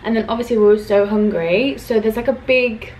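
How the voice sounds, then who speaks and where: A woman's voice: on the high side, fairly even intonation, a little fast, darkish tone, distant mic, slight background noise, rough recording. A young woman chats in a casual vlog, talking emotionally and rambling with many fillers. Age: young adult. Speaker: vlogger.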